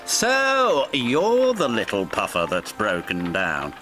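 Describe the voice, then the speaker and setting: A man voicing a haughty, sharp-tongued old female steam lorry in a storybook reading, snooty and scolding. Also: on the low side, huge pitch swings, slow, full character voice. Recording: narration over music.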